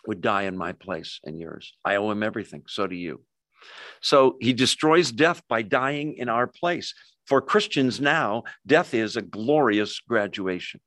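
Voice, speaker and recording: A man preaching a sermon in a conversational way, joking and speaking straight to his congregation, swinging between emphatic and hushed lines. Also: medium pitch, dry recording, studio quality. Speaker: pastor.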